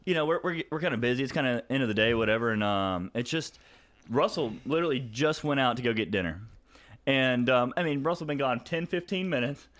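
A man's voice: mid-range voice, a little fast, fairly bright tone. A man on a podcast telling rambling, profane stories in casual chat, laughing often as he talks.

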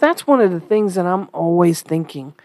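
A woman giving an earnest spoken commentary, asking rhetorical questions with sighs and lively pitch swings. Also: normal speed, no echo.

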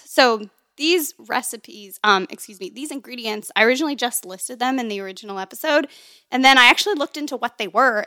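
A woman's voice: on the high side, brisk, pushed and bright, no room sound, clean studio sound. A woman co-hosting a casual chat podcast, giggly and chatty, explaining drink recipes. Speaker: podcast co-host.

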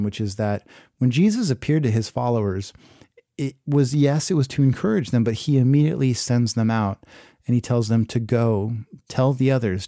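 A man giving a sermon, reading scripture aloud and then explaining it in a relaxed, conversational way with many fillers. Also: medium pitch, dry recording, studio quality. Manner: casual, conversational preaching with fillers. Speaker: pastor.

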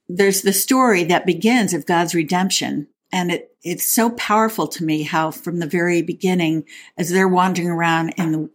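A woman co-hosting a podcast, talking casually in a chatty, playful way and reading scripture aloud. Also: lowish voice. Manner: chatty and playful, with frequent restarts. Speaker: podcast co-host.

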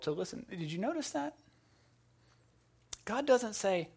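A man preaching a sermon with humorous asides, swinging between hushed, quiet passages and loud, emphatic ones. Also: high-pitched, big pitch swings, normal speed, creaky, pauses often, slightly rough. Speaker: pastor.

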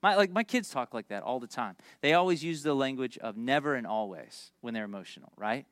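A man in his thirties preaching a sermon, animated and jokey, telling stories with quick asides. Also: mid-range voice, no room sound, studio quality. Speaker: pastor.

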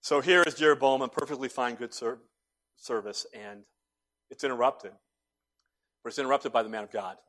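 A man preaching a sermon as pastor, telling stories with animated swings between hushed and loud delivery in a church. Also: medium pitch, normal speed, pauses often. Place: church sanctuary.

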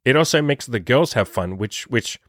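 A man's voice: normal speed, no echo. Swearing podcaster man, dry close sound. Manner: profane, animated, acts out his own quotes in a higher voice. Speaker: dating coach. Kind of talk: casual podcast monologue.

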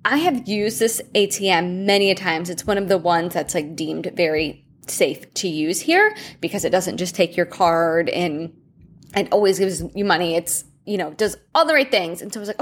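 A woman's voice: lowish voice, normal speed, a little hiss or hum. A woman nutrition coach hosting her own podcast, telling a personal story in a chatty, meandering way.

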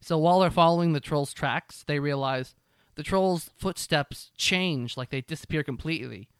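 Young man, casual recap chat, animated and profane, smooth slightly high voice, dry close sound. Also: normal speed, dry recording. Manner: animated storytelling, swears freely, acts out characters. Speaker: podcast co-host.

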